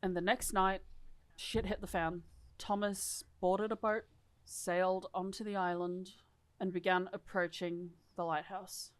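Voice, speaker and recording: A woman's voice: lowish voice, flat delivery, unhurried. A woman co-hosting a podcast, reading lore aloud in a casual, irreverent way and swearing freely. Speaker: podcast co-host.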